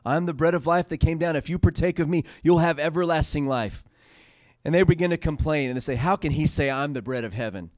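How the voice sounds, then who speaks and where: Guy preaching, fairly high voice, dry close sound, chatty then punchy. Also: fairly quick, a little mellow, no echo. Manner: retells scripture in casual paraphrase, rising to emphatic peaks. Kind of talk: sermon.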